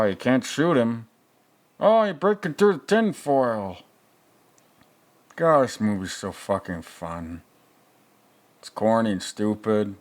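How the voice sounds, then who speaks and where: A man putting on a crude old movie reviewer who rambles through a film with sarcastic, profane asides. His voice sits very low and he drawls along at an unhurried crawl, as if thinking aloud between scenes. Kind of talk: comedic reaction commentary.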